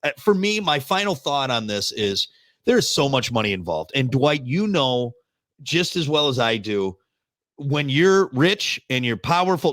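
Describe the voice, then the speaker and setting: A man co-hosting a casual podcast, talking in an animated, ranting way with frequent laughs. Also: fairly high pitch, no echo. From Wisconsin. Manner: animated, ranting, mock voices, laughs often. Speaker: podcast co-host. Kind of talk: casual chat.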